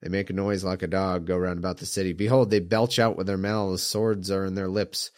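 A slightly hoarse man reading old scripture aloud and breaking off into mocking, incredulous asides. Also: sits low, flat delivery, a little fast, a little mellow.

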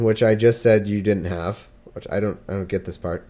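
A man's voice: lowish voice, moderate pace, few pauses, darkish tone. A man reading scripture aloud and joking about it in a casual, irreverent way, laughing at his own remarks. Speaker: scripture reader and commentator.

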